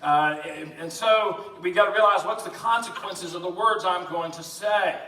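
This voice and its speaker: A man preaching a lively, joking sermon in a church, talking fast and addressing the congregation. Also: high-pitched. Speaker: pastor. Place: church sanctuary. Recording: echoey church from a distance.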